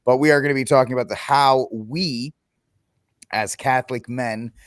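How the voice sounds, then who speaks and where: A man hosting an interview, introducing topics and asking questions in a rambling, halting way. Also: medium pitch, fairly even intonation, no room sound, studio quality. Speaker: podcast host.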